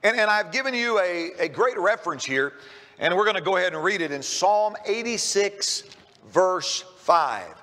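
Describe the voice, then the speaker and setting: A man's voice: sits high, lively intonation, moderate pace, sharp tone, big-room sound. A man preaching a sermon in church, emphatic and often repeating his first words as he starts a sentence. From Kentucky. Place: church sanctuary.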